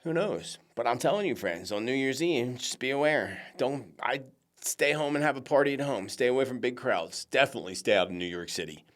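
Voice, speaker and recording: A man's voice: medium pitch, brisk. A man hosting a psychic predictions show, talking casually and animatedly to his viewers, whom he calls friends. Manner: chatty, animated, addresses listeners as friends.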